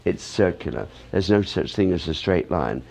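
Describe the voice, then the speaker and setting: A man's voice: low voice, animated, normal speed, gravelly, darkish tone. A man who teaches ballet, rambling through interview answers with many "you know" fillers.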